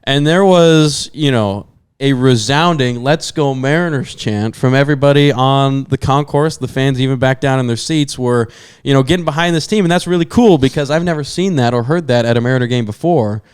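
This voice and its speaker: A man's voice: medium pitch, a little fast, hardly any pauses, clear, resonant tone, no echo, clean studio sound. A young man telling a long story to his podcast co-hosts, full of fillers and asides. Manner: rambling storyteller with many fillers. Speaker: podcast co-host. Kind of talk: casual chat.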